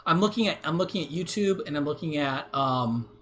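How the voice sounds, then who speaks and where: A man's voice: fairly high pitch, expressive, fairly quick, fairly bright tone. Rambling, profane man ranting on a livestream. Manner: rambling and repetitive, heavy "right?" tags, profane. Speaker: livestream host. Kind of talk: casual livestream rant.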